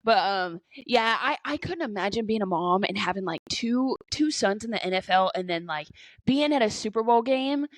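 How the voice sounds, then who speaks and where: A woman's voice: mid-range voice, lively intonation, normal speed, no echo. A young woman co-hosting a podcast, chatting casually and rambling with lots of "like"s. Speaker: podcast co-host. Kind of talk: casual chat.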